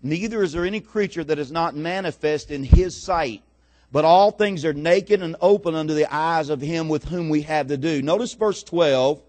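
A man preaching a sermon, moving from calm scripture reading to loud, dramatic storytelling with repeated phrases. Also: on the high side, moderate pace. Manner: builds from calm to shouting storytelling; dramatic, repetitive preaching cadence.

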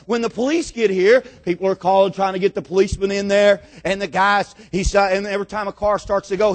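Man preaching, high voice, dramatic storyteller, builds to shouts, repetitive cadence. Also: fast talker, few pauses. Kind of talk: sermon.

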